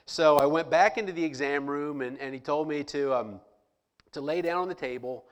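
A man telling a personal story to listeners in a lively way, acting out the people he quotes. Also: fairly high pitch, moderate pace. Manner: animated, acts out the people he quotes. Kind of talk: personal anecdote told to listeners.

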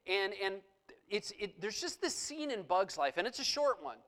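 A male pastor leading a church service, praying and giving announcements in a relaxed, conversational way with frequent fillers. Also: high-pitched, moderate pace.

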